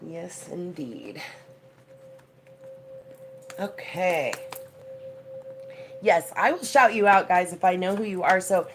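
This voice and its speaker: A woman's voice: on the low side, expressive, slow, pauses often, slight background noise, poor audio. A woman hosting a casual livestream tarot reading at home, chatty and effusive, with rain heard behind her. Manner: chatty and effusive, thanks viewers. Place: home with a door open to the rain.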